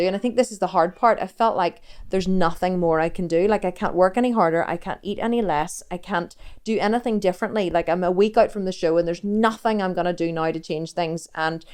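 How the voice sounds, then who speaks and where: A woman's voice: lowish voice, fast talker, darkish tone, clear, resonant tone. A woman talks candidly in a personal vlog, rambling and interrupting herself as she tells her story. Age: 40s. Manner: rambling, confessional, self-interrupting. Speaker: fitness coach and vlogger.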